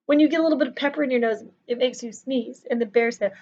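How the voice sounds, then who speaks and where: A woman teacher reading a picture book aloud to children, in an animated sing-song way with chatty asides to them. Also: sits high, fast, lo-fi sound.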